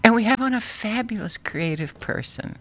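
A woman's voice: fairly high pitch, expressive, moderate pace, a bit bright. A woman hosting a radio show in a silly, playful way, laughing often between lines.

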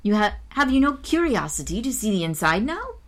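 A woman reading aloud and voicing a scheming, teasing schoolteacher who coaxes a pupil, pitched a little above her own voice. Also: sing-song, a little fast, fairly bright tone. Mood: coaxing.

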